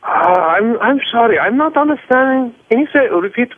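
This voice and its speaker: A man's voice: extremely high pitch, lively intonation, moderate pace, husky, dry recording. A man with a Korean accent and native Korean speaks in broken English, getting defensive and agitated on a phone call as a restaurant worker. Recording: tinny phone line.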